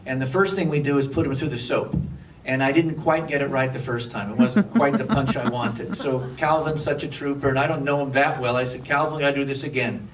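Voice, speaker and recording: A man, a filmmaker, answering audience questions at a cinema Q&A with a jokey, energetic manner. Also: medium pitch, fairly quick, a loud crowd. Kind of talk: Q&A talk on stage. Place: cinema theatre. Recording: far from the mic.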